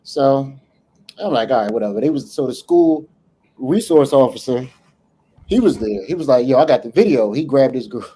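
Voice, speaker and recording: A man co-hosting a casual podcast, telling a story in an animated, profane way and acting out the dialogue. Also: mid-range voice, moderate pace, slight background noise. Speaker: podcast co-host.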